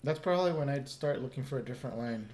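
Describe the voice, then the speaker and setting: A man's voice: medium pitch, a little mellow. A young man, a guest on a podcast, chiming in with short reactions and questions. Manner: quick reactive comments and laughter. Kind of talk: casual chat.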